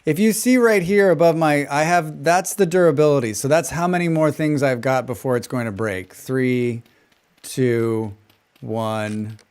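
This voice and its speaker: A man with a flat General American accent, a game streamer chatting casually while he plays, rambling from point to point and humming little tunes to himself between remarks. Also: mid-range voice, a little slow, smooth. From western United States. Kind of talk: casual chat while gaming and reading chat.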